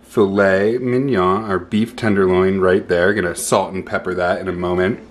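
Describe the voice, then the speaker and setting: A man's voice: deep voice, fairly even intonation, normal speed. A man explaining a home cooking recipe step by step in an easygoing, casual way, in a home kitchen. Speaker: home cook co-host. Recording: home kitchen with pan and dish noise.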